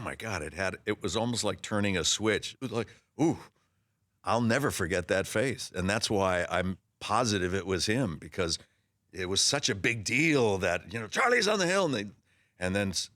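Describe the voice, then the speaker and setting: A man in his sixties speaks with a lowish voice, recorded close and dry in the studio. He tells stories with animation, restarts his sentences often and slips into other voices as he tells them. He has a casual, conversational delivery. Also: moderate pace, no room sound. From Los Angeles area. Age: 60s. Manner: animated storyteller who acts out voices in his anecdotes; frequent restarts and repeated words. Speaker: actor guest. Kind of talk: casual interview storytelling.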